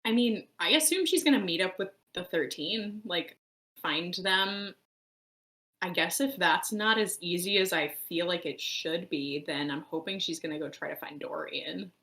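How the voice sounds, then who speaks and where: A woman's voice: on the low side, moderate pace, sharp tone, poor audio. A woman co-hosting a book club podcast, chatting casually and frankly, swearing freely. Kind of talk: casual chat.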